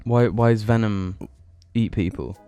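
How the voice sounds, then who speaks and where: A man's voice: on the low side, measured pace, warm tone, smooth, soft background music. A man co-hosting a podcast in loose casual chat, swearing and laughing often. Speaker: podcast co-host.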